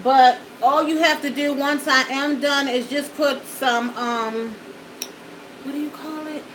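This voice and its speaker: A woman's voice: sits high, fairly even intonation, a little slow, fairly bright tone, a little hiss or hum, rough recording. A woman vlogger chatting folksily to her viewers while eating, at home in front of a backdrop and studio lights. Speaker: mukbang vlogger.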